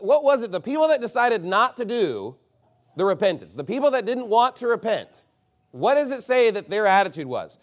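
A man delivers a sermon in a relaxed, conversational way, stacking up rhetorical questions. His voice sits high for a man and swings widely in pitch as he preaches. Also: normal speed. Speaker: pastor.

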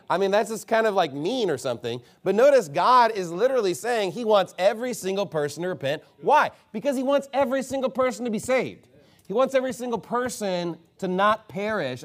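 A man delivers a sermon in a relaxed, conversational way, stacking up rhetorical questions. His voice sits high for a man and swings widely in pitch as he preaches. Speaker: pastor.

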